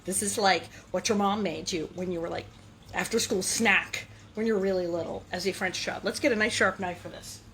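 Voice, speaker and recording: A woman's voice: mid-range voice, fairly even intonation, moderate pace, a bit bright, a little hiss or hum. A woman hosting a casual cooking demonstration in a kitchen, chatty and playful, breaking into sing-song asides. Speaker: cooking show host.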